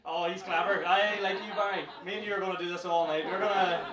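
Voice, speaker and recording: Brash Northern Irish comedy MC, high voice. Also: male voice, steady tone, fast, crowd noise. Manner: brash, teasing, swearing, laughing often. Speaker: comedy club MC. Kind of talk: stand-up crowd work. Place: comedy club stage, indoors. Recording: roomy live club sound from far off with loud audience. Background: audience laughing and cheering.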